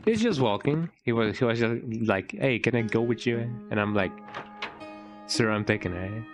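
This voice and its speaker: A Mexican man streams a game, his medium-pitched voice animated and moving at a normal speed. His commentary is casual and playful, with words repeated in a goofy sing-song and sentences often capped with "eh?". Game music plays behind him.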